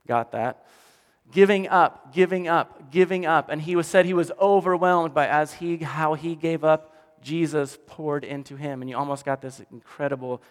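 A male pastor preaching a sermon in an animated storytelling way, often dropping to quiet for emphasis. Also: fairly high pitch. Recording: long hall reverb.

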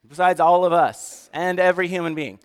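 A man's voice: high voice, fairly even intonation, brisk, clear, resonant tone. A man speaking as a pastor to his church in a conversational sermon, moving from joking asides to earnest, emotional storytelling.

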